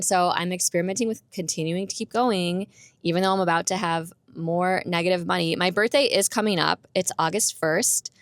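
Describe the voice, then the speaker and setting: A woman's voice: lowish voice, vocal fry, dry recording. A young adult woman hosting her own podcast, chatting candidly on her own and laughing often. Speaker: podcast host. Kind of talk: casual solo podcast chat. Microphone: roommate's borrowed microphone.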